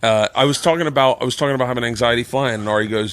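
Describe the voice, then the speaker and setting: A man who is a podcast guest, telling excitable, profane stories in casual chat. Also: medium pitch, racing, no echo.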